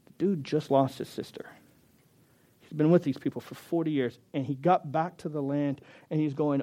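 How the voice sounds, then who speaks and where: A middle-aged man preaching a sermon, acting out the scripture and the quotes with lively shifts of voice. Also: on the high side, brisk. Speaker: pastor.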